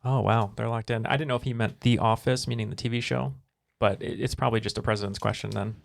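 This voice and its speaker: A man co-hosting a trivia podcast in a studio, bantering with quick playful asides. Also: fairly low pitch, steady tone, gravelly, no room sound. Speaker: trivia podcast co-host and contestant. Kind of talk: jokey casual chat.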